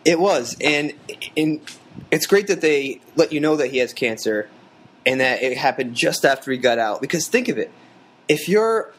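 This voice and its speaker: A man chatting casually about a TV episode, quick and enthusiastic with lots of filler words. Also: fairly high pitch, animated, fairly bright tone.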